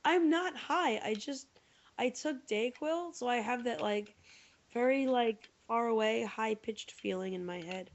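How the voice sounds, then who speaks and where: A woman's voice: on the high side, a little slow. A woman co-hosting a podcast, telling a long story in casual chat with lots of fillers, tired. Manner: rambling, animated storytelling with many fillers. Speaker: podcast co-host. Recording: dull lo-fi podcast audio.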